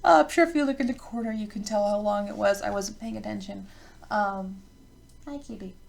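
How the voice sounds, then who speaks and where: A woman's voice: mid-range voice, a little fast, gravelly, darkish tone. A woman hosting a let's play of a visual novel, reading the game text aloud and breaking off into rambling, self-interrupting rants.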